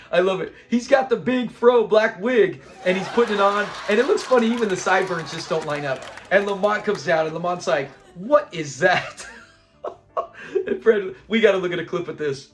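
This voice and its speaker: A chatty man hosting a relaxed episode review, retelling scenes with lots of animation and frequent laughter. His voice sits high for a man, and faint music plays behind him. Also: brisk. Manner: animated retelling, laughs often and quotes characters. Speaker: host reviewing a sitcom episode.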